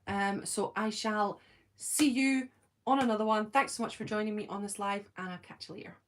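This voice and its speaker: A middle-aged Scottish woman hosting a fan live stream. She reads the chat and answers it, chatty and giggly, laughing at herself and filling pauses with lots of ums. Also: mid-range voice, steady tone. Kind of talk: casual live-stream chat, reading comments.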